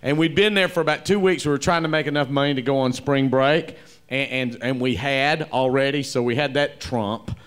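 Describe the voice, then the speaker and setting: A man hosting a live comedy interview, rambling and animated as he acts out quoted voices. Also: mid-range voice, moderate pace, clear, resonant tone. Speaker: interview host, comedy club owner.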